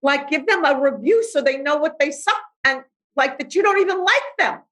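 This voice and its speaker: A woman's voice: high voice, lively intonation, normal speed, fairly bright tone, low-quality recording. A middle-aged woman life coach, speaking bluntly and animatedly in a podcast interview, acting out voices as she talks.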